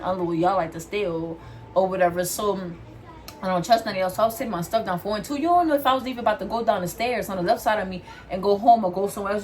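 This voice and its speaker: A young woman vlogger telling a storytime from work while doing her hair, animated and acting out what people said. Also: mid-range voice, a little hiss or hum. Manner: animated, acts out quotes, addresses viewers as y'all.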